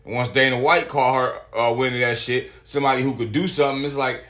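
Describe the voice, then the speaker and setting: A man hosting a solo podcast, talking casually with lots of swearing and reading articles aloud in an animated way. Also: medium pitch, a little fast, few pauses. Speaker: podcast host.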